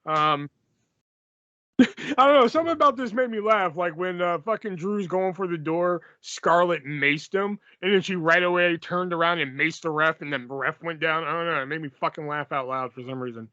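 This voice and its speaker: A man's voice: fairly high pitch, normal speed, sharp tone, dry recording, dull audio. A man co-hosting a podcast in casual chat, sarcastic and profane, often laughing. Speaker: podcast co-host.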